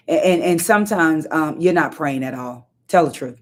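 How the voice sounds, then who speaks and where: A woman with a slightly low voice preaches an informal sermon. She is emphatic and conversational and lingers on repeated lines. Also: moderate pace, hardly any pauses, darkish tone. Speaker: prayer leader.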